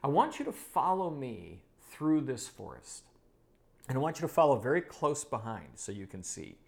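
A man voicing a crafty, quick-thinking little male rabbit in a parable, with a gravelly voice. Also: medium pitch, sing-song, darkish tone. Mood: scheming. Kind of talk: storytelling a parable in a lesson.

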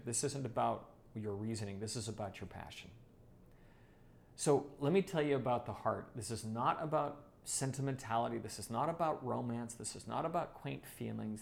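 A man's voice: medium pitch, creaky. A man teaching a leadership course module, emphatic and fond of repeating phrases for effect. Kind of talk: online course lesson.

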